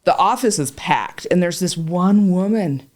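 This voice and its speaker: On a podcast, a woman who is a patient tells a long story unhurriedly in a lowish voice. Her style is casual, profane and animated, and she acts out other people's words in their voices.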